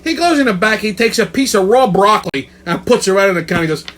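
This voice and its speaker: High-voiced profane ranting man. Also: animated, fast, fairly bright tone. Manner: profane, emphatic, repeats words. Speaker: host. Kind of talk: comedic rant to camera.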